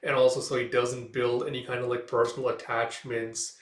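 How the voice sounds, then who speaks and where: A man's voice: medium pitch, flat delivery, a little fast. A man casually recapping a comic in a rambling way, full of fillers. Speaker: comic reader and reviewer. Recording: roomy echo, distant mic.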